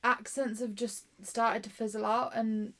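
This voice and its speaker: A woman from the UK co-hosting a review podcast in casual chat, teasing and quick to push back on her co-host. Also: a little high, level tone, a bit bright.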